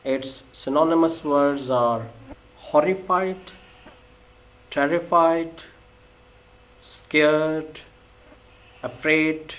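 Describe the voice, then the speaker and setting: Slow-speaking man teaching English vocabulary. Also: fairly high pitch, steady tone, a bit bright, rough recording. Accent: Pakistani English. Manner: deliberate, lists words one by one.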